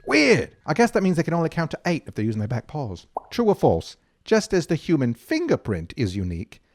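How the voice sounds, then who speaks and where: Goofy, animated man hosting a kids' game. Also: mid-range voice. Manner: goofy, playful, self-mocking. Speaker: camp counselor host.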